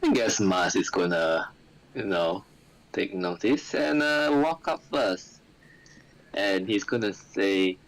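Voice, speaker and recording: Slow, lively low-voiced player man. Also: low-quality recording. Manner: playfully courtly in character. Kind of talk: casual tabletop play.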